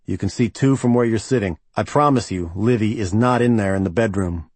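A narrator with a husky voice plays a blunt, sarcastic man, a little higher and louder than his reading voice. The lines come short and curt, recorded close and dry. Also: a little fast, no echo, natural voice.

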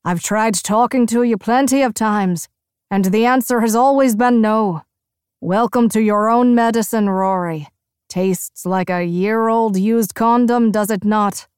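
A sardonic young man who delivers his barbs with a flat, deadpan dryness, as a woman narrator puts him on. His taunts come out unhurried, in a close and dry studio sound. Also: on the high side, smooth, dry recording, close to an everyday voice. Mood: mocking.

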